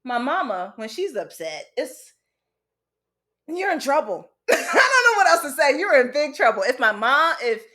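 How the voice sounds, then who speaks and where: A woman's voice: sits high, sing-song, unhurried, sharp tone. A woman host telling a candid personal story from her childhood, casual and frank, with some swearing. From United States. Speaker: podcast host.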